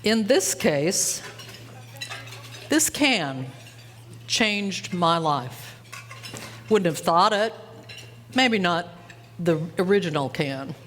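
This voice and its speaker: A woman's voice: lowish voice, drawn-out words, pauses often, slight background noise. A woman in her seventies from Utah, telling folksy stories in a keynote speech. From Utah, USA. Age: 70s. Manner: folksy, animated storytelling. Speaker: keynote speaker. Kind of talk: storytelling speech. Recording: live hall with faint clatter.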